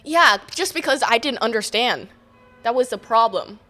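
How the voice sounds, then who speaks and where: Twenties woman from Thailand, bright and slightly high voice, easygoing and giggly guest. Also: lively intonation, moderate pace, soft background music. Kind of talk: casual chat.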